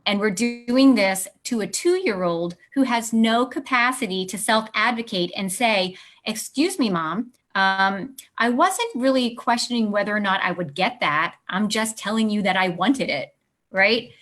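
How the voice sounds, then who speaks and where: A woman speaking as a guest on an interview show about parenting. She explains her ideas by acting out short exchanges between parent and child. Her voice sits at an ordinary middle pitch. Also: a little slow, fairly bright tone. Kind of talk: interview answers.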